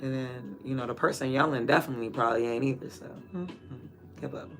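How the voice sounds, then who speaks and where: A man's voice: mid-range voice, fast talker, fairly bright tone. A man chatting casually and candidly in a rambling, slangy way while watering plants. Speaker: vlogger.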